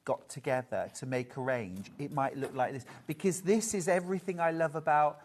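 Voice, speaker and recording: A woman's voice: sits low, normal speed, darkish tone, slight background noise. A British woman co-presenting a live TV quilting sales show, chatty and gushing.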